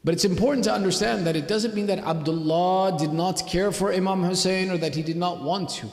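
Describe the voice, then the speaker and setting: A man giving a sermon in a mosque, telling stories dramatically and slowing down at emotional moments. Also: high-pitched. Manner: dramatic storytelling with slowed emotional peaks. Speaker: religious speaker. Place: mosque hall. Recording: echoey reverberant hall.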